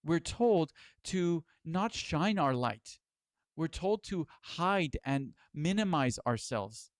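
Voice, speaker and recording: A man's voice: on the high side, animated, takes it slowly, no room sound, clean studio sound. A middle-aged man giving a spiritual lecture as its teacher, earnest and exhorting, with casual swearing.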